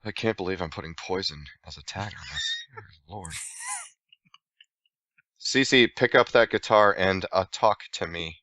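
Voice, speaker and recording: A man co-hosting a podcast, chatting casually, riffing and joking with quick self-corrections. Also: deep voice, pushed and bright, no echo, highs cut off. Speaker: podcast co-host. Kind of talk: casual chat.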